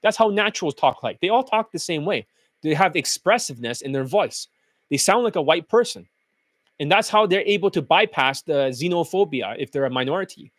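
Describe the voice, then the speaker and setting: A man's voice: on the high side, expressive, a little fast, a bit bright, no echo, clean studio sound. Crude, ranting dating coach, man. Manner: blunt, crude and scornful. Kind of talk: profane ranting monologue.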